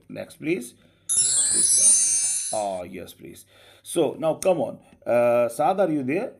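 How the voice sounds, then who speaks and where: Male english teacher in an online class, slow and drawn out, husky gravelly voice, keeps asking "okay?". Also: mid-range voice, mellow. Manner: slow, drawn-out explaining with frequent rising "okay?".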